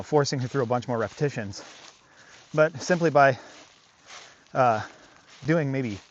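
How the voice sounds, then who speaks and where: A man's voice: medium pitch, highs cut off, slight background noise. A man working as a dog trainer, explaining his methods in casual commentary outdoors by a creek, often asking rhetorical questions and adding "right?".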